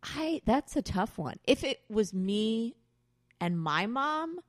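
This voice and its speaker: A chatty woman in her thirties co-hosting a podcast, laughing often and reacting quickly. Her voice rises and falls a lot. The recording is close and dry. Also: on the high side, sing-song, dry recording. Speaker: podcast co-host. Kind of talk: casual chat.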